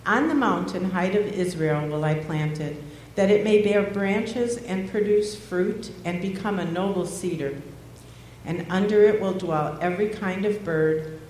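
A woman with a low voice reads a scripture lesson in a measured, formal manner. She sounds far from the microphone, and the church's strong echo and long reverb wash over her words, with a faint hum underneath. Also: darkish tone. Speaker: scripture reader. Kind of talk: scripture reading. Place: church sanctuary. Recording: very echoey hall, heard from far off.

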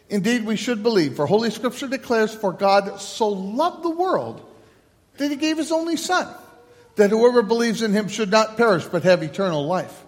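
A man leading a church service as pastor, moving from halting announcements to measured liturgical recitation. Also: high-pitched. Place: church sanctuary. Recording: long church hall reverb.

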